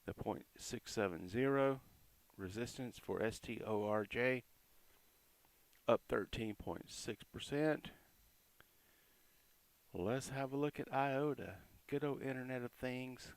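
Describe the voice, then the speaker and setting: In a relaxed, chatty market commentary, a man goes over crypto charts, reeling off support and resistance numbers between quick asides. His medium-pitched voice has a gravelly, fry-edged grain, recorded dry and close with no echo or room sound.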